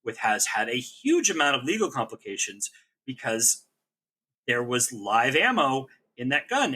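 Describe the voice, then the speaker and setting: A man co-hosting a TV recap podcast, talking in a rambling, joking, casual way. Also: medium pitch. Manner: animated, rambling, joking asides. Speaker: podcast co-host.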